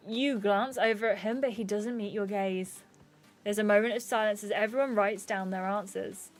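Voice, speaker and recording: A woman's voice: mid-range voice, fairly even intonation, moderate pace, soft background music. A woman streamer reading a dating game aloud, voicing its characters and chatting with viewers. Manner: reads narration and dialogue aloud, chatting with viewers. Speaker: gaming streamer.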